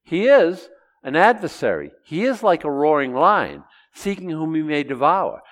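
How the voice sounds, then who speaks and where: Man, middle-aged pastor, sermon, animated, quizzes the congregation, very lively pitch, long hall reverb. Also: moderate pace. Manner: animated, acts out Bible voices and asks the congregation questions. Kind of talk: expository sermon.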